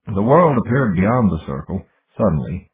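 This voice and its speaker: Brief: low, gravelly man, animated and wry, reading a novel on a tinny lo-fi recording. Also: normal speed, soft background music. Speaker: audiobook narrator. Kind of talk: first-person novel narration.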